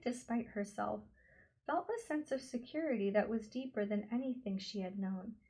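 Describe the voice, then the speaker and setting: A woman reading a novel aloud as an audiobook narrator, slow and expressive. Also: mid-range voice, poor audio. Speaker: audiobook reader. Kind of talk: scripted storybook narration.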